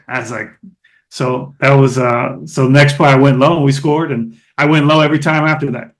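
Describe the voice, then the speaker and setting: A middle-aged man from Oakland, a former ballplayer, telling stories as a podcast guest in a lively, casual way with many fillers and restarts. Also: medium pitch, fairly quick. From Oakland, California. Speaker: guest, former baseball catcher. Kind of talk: casual storytelling interview.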